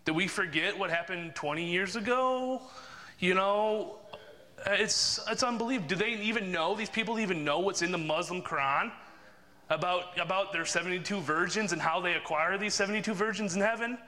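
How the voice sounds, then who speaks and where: A man chats casually and rambles through a story full of fillers and restarts. His voice sits fairly high and sounds forceful. The room adds a long reverb tail. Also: normal speed. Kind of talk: casual chat.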